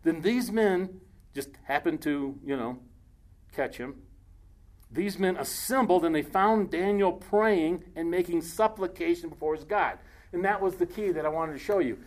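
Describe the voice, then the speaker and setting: A man preaching a casual sermon, reading scripture aloud slowly and breaking off into joking asides. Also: high voice, a little mellow.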